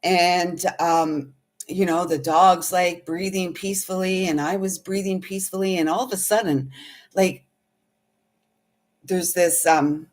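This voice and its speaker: A woman with a lowish voice talks through a spiritual experience in an earnest, rambling way. She takes her time and often pauses to find her words. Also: steady tone. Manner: meandering, earnest, speaks of feelings. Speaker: intuitive healer and reader. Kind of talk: casual spiritual storytelling.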